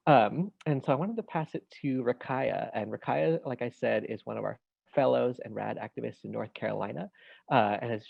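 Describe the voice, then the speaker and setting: A man moderates a video call panel, his gravelly voice friendly and hesitant, full of ums. The audio is dull and lo-fi. It is dry, with no room echo. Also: medium pitch, normal speed.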